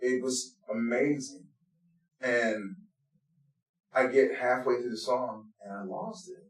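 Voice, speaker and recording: A man leading a blues band, telling personal stories in an interview in an earnest, heartfelt way, dropping to a hush and then rising loud. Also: mid-range voice, fairly even intonation, slow. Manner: earnest, heartfelt, swings between hushed and loud. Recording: roomy, distant from the mic.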